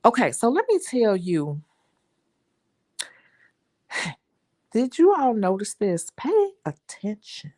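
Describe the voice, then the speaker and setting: A young adult woman with a Chicago accent, a nail technician chatting to her viewers in an animated, talkative way. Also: medium pitch, slow, pauses often. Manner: chatty, animated storytelling, says y'all. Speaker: nail technician and channel host. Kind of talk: casual chat to viewers.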